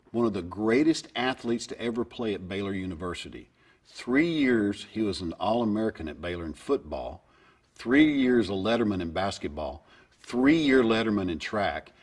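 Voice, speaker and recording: A man in his fifties spins humorous stories in a relaxed, folksy style. His voice sits a little low, and he acts out the voices of the people in them. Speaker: golfer. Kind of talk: storytelling anecdote.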